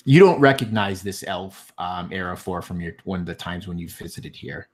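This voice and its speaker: A man narrating a tabletop fantasy game as game master, halting often with ums and restarts. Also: sits low, lively intonation.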